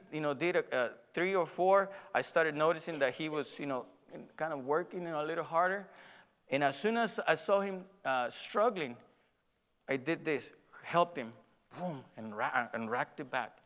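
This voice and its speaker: A man preaches a sermon in a large hall, his fairly high, bright voice carrying a long reverb. He tells a story with acted-out dialogue and laughs at himself along the way. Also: normal speed. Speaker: pastor.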